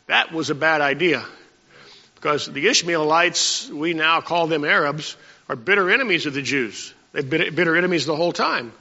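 A man preaching a sermon in a folksy manner, his voice high-pitched and gravelly with a bright edge. He clears his throat often between points. The recording is dull and lo-fi, with a long hall reverb trailing his words. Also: moderate pace.

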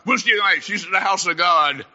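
A man preaches with fierce passion, his fairly high voice cutting and sharp as it rings through a long-echoing hall. He rises into shouted pleas and then drops to a hushed storytelling tone. The recording is dull and lo-fi. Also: brisk. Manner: impassioned, swings from shouted exhortation to hushed storytelling. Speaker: traveling preacher. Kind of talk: sermon. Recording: echoey hall, dull lo-fi sound.

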